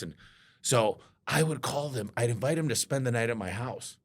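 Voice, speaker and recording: Speaking fairly quickly at a medium pitch, a business owner shares stories from his work in a casual conversation. His storytelling is lively, and he quotes people who spoke to him by acting out their voices.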